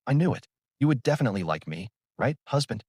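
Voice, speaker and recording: A man's voice: medium pitch, sing-song, quick pace, darkish tone, slightly rough, no room sound, clean studio sound. Teasing young woman, voiced by a man. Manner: sweet and playful.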